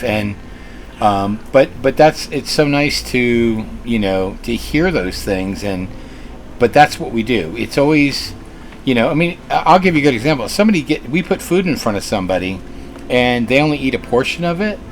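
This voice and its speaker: A man's voice: medium pitch, animated, normal speed, a little hiss or hum. A man who co-owns a restaurant, telling stories in a casual interview with an earnest manner and lots of fillers and restarts. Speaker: restaurant co-owner.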